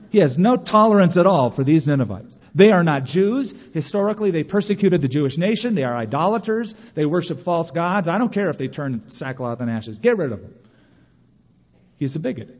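A man preaching a sermon as pastor, animated, with quick mock quotes of others. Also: on the high side, breathy edge, big-room sound, lo-fi sound.

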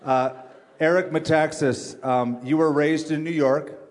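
A pastor hosts a guest on a church stage and teases him in a friendly way. His voice sits a little above the usual male pitch. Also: fairly even intonation, measured pace, slight background noise. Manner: friendly, teasing questions. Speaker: pastor and interview host.

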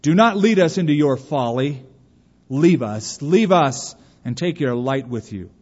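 A man voicing frightened, hostile cave dwellers in a storybook tale, crying out loudly and anxiously. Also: fairly high pitch, big pitch swings, unhurried. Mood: alarmed. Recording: dull recording with long hall reverb.

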